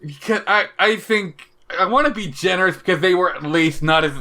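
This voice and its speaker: A man's voice: high voice, a little fast, sharp tone. A man co-hosting a podcast in casual chat, rambling with lots of "like" fillers, swearing and laughing often. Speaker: podcast co-host.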